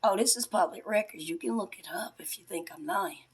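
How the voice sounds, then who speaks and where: A woman giving an emotional personal testimony aimed at her mother, confrontational and swinging between hushed whispers and a raised, accusing voice. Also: medium pitch, brisk, husky. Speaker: self-styled spiritual priestess.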